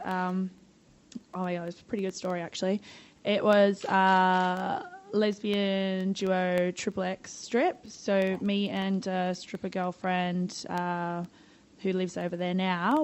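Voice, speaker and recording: A woman's voice: medium pitch, little pitch movement, a little slow, clear, resonant tone, low-quality recording. An Australian woman in the middle of a casual chat, telling a story. Her voice is bubbly and talkative, and she swears freely. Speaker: podcast guest.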